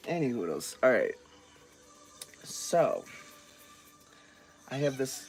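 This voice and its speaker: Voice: medium pitch, big pitch swings, slow, long pauses, soft background music. A vlogger chatting casually on a livestream while customizing dolls, playfully scolding a cat.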